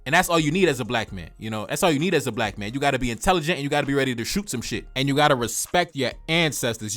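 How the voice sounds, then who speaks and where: A man hosting a casual reaction video, talking in animated slang and repeating phrases for emphasis. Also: mid-range voice. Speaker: YouTube reaction host.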